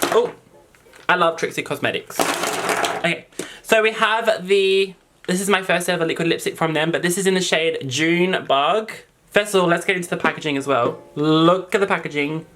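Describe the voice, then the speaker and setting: An Australian man chatting excitedly to camera as a makeup vlogger, gushing over products. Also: fairly high pitch, fairly quick, a little hiss or hum. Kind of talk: casual chat to camera.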